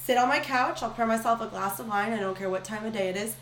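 A young woman talks freely in a casual podcast chat, filling her sentences with "like." Her voice sits on the higher side. The room gives it a noticeable echo, with a faint hiss behind. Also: quick pace. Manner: chatty, frequent "like" fillers, blunt. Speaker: podcast guest. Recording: echoey room with faint noise.

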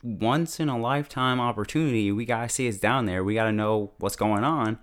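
A man's voice: mid-range voice, brisk, natural voice. A man voicing an eager, pushy male expedition leader in a casual recap.

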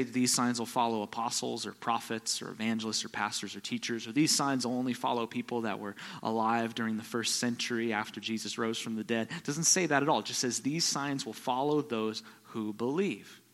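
A man preaches a sermon in a church, and his voice has a bright, forceful edge. He tells stories, dropping low and quiet before rising into loud bursts. The sound rings with a long hall reverb. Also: steady tone, fast, few pauses. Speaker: visiting pastor.

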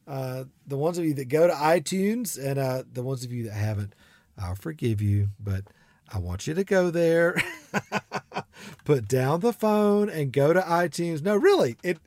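A man's voice: mid-range voice, darkish tone, dry recording. Chatty male podcast host, dry sound. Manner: chatty, lots of fillers and restarts. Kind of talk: casual podcast talk.

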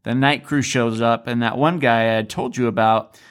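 A man in a relaxed podcast conversation, telling his story in an easy, mid-pitched voice. He slips into quoted lines to act out what others said, keeping a casual, conversational flow. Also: moderate pace, clear, resonant tone. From Alaska. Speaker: podcast co-host.

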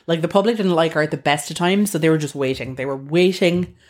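A woman's voice: deep voice, fast. A woman co-hosting a podcast in casual chat, rambling through tangents with lots of fillers. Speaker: podcast co-host.

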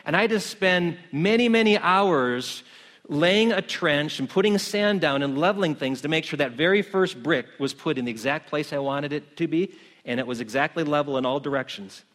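A middle-aged man preaching a sermon as pastor, building from calm explanation to fervent, near-shouted emphasis. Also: on the high side, moderate pace.

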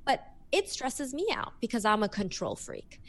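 Animated woman coach in an interview. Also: on the high side, moderate pace, gravelly. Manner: animated and expressive, acts out examples. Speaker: workplace coach. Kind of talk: podcast interview.

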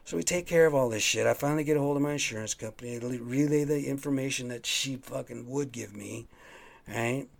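Gravelly, cussing man telling a story. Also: mid-range voice, a little fast. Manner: profane, rambling storytelling; worked up. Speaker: podcast host. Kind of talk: casual solo monologue.

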